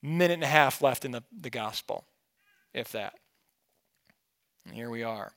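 A pastor preaching an expository sermon in a conversational way, asking his listeners questions and swinging between emphatic and quiet. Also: mid-range voice, measured pace, gravelly.

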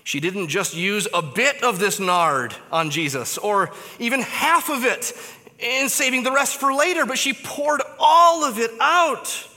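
A man preaching a sermon, swinging between loud emphatic lines and hushed low phrases. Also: lively intonation, a little slow. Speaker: pastor. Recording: long hall reverb.

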